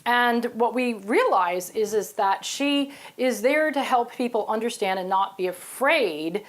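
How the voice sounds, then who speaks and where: A woman, a psychic guest, telling stories in a lively, chatty way. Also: a little slow. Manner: animated, storytelling, exclaims in high bursts. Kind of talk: casual interview talk.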